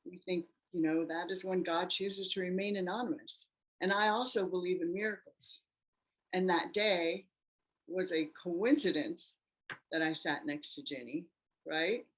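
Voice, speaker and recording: A woman interview guest recounts her own story with animated delivery. She slips into the voices of the people she quotes, and her speaking voice sits a little on the low side. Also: a little slow. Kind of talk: personal storytelling.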